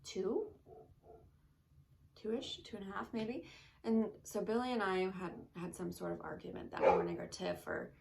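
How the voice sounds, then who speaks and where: A woman in her thirties chats casually as a co-host, her voice slightly gravelly with vocal fry. She tells animated stories and jumps up high to mimic her child's voice. A faint hiss of noise sits behind her. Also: moderate pace. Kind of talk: casual chat.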